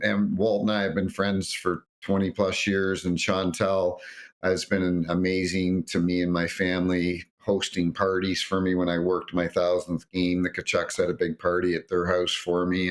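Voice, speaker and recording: Middle-aged man telling stories, low voice. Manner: animated storyteller, acts out quotes, frequent restarts. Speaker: retired hockey referee guest. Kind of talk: telling anecdotes on a sports podcast.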